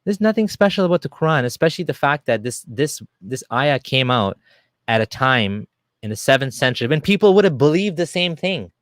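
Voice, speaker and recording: A man giving a casual, argumentative monologue to camera, animated and full of fillers and restarts. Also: mid-range voice, a little fast, dry recording. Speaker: video creator.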